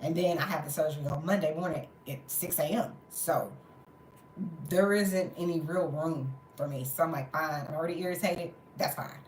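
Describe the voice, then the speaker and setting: Woman vlogger, lower voice, tired and sore, animated venting in an echoey room. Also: normal speed, background noise. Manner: animated, exasperated retelling with swearing. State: tired and in pain. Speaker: storytelling vlogger. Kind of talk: casual storytime chat. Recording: roomy echo.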